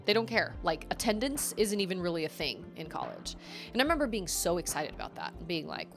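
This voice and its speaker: A young adult woman, a live streamer, telling stories in a chatty, animated way with quick asides. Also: on the low side, over music. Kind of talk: casual storytelling on a live game stream.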